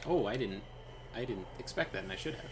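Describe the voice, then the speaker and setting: A young gaming streamer talks fast in a medium-pitched voice over background noise, telling a meandering story as he plays. His casual delivery is animated, heavy on fillers, and full of voiced quotes.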